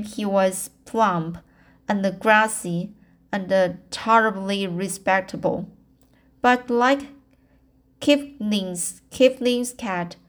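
A woman reading a novel aloud as an amateur, stumbling and restarting words often and raising her voice for characters' lines. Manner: halting, with frequent restarts and stumbles over words; lifts pitch and volume for characters' quoted lines. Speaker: audiobook reader.

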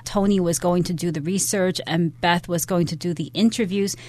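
A woman co-hosting an English lesson, explaining word meanings in a measured, careful way. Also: on the low side, steady tone, darkish tone. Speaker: English teacher on a radio lesson. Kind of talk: explaining vocabulary and dialogue.

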